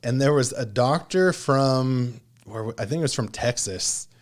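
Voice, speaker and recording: Male podcast host, mid-range voice, quick and rambling in casual talk. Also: medium pitch, lively intonation. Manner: fast-talking, rambling with fillers. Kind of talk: casual conversation.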